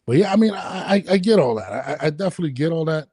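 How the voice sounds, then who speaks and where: A man's voice: on the high side, animated, fast talker, a little mellow, slightly rough, no room sound, studio quality. A man hosting a casual podcast interview, talking loosely with many restarts and fillers. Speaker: podcast host. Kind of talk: casual video-call interview.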